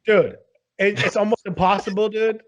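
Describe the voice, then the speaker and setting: A man hosting a casual podcast who talks in quick bursts, restarts often and keeps saying "dude". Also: high-pitched, fairly even intonation. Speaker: podcast host.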